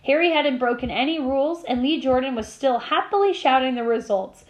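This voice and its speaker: A woman teacher reading a novel aloud to her class, with steady storytelling and small slips she corrects. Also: high voice, brisk, poor audio.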